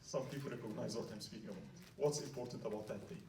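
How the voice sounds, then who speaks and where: A man's voice: medium pitch, fairly even intonation, quick pace, gravelly, darkish tone, a little hiss or hum. A man telling a story in a dramatic lecture, often asking the audience "right?", in a hall at an Islamic center. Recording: roomy hall, mic at a distance.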